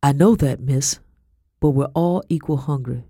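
A man's voice: mid-range voice, measured pace, warm tone, no echo, studio quality, lightly acted. A reader voicing a short, stern male army sergeant who gives firm, formal, courteous orders. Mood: commanding.

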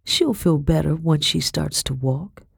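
Woman reader doing a gentle storybook lady; soft, slow, kindly, dry close sound. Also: deep voice, vocal fry, breathy edge, no echo, full character voice. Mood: soothing.

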